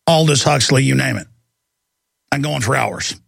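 A man's voice: medium pitch, moderate pace, gravelly, a bit bright, no echo. A man hosting a call-in talk show, delivering an angry, intense ranting monologue. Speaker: talk show host taking calls.

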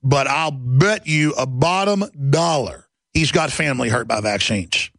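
A man hosting a talk show, delivering a heated, mocking rant and mimicking others in shrill voices. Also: expressive, unhurried, creaky, fairly bright tone, no echo.

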